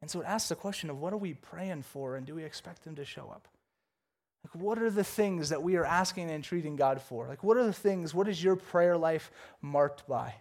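A man with a fairly high voice delivers a sermon. He reads scripture aloud, then breaks into casual, jokey storytelling full of excited asides. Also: a little fast. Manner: animated, jokey storytelling with big pitch swings. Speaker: pastor.

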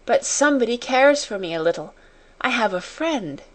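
A woman reading an audiobook, voicing a young girl who talks in breathless, quick exclamations. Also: on the high side, lively intonation, natural voice. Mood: tearful. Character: young girl, wondering and overwhelmed. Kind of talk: audiobook character voice.

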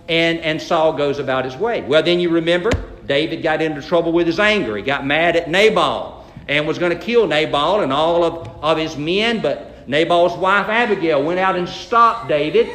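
A man's voice: a little high, normal speed, fairly bright tone, reverberant. A male pastor preaching a sermon, retelling a Bible story in a folksy way and acting out the quotes.

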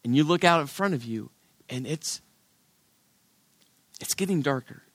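A middle-aged male pastor preaching a sermon, his delivery swinging from loud, emphatic lines to hushed, quiet ones. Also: on the high side, expressive, a little slow, no echo.

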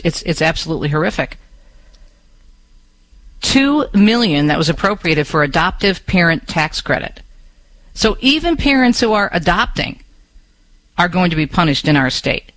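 This is a man hosting a radio talk show in a studio, switching between impassioned comment and straight news reading. His voice sits fairly high for a man, and the studio microphone makes it sound close and dry. He talks straight to his listeners in a chatty way. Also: lively intonation, normal speed, fairly bright tone, dry recording, poor audio. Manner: impassioned, with rhetorical questions.

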